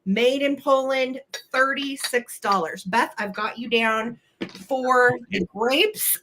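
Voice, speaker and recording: A woman's voice: sits high, slow, bright, forceful tone, a little hiss or hum. A woman hosting a live-stream vintage sale from home, chatty and friendly, her voice a little weak after being sick. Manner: chatty, friendly, apologetic asides. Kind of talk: casual live-stream sales pitch.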